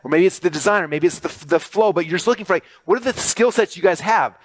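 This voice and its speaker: A middle-aged man giving an animated business talk to an audience, talking quickly and excitedly with many fillers and restarts. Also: sits high, no echo. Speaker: speaker presenting to an audience.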